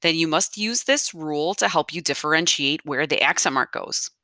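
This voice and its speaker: In this recorded grammar lesson, a woman who teaches Spanish restates key points patiently and often asks "okay?". She speaks at normal speed in a low, bright, forceful voice, recorded as clean studio sound with no room sound.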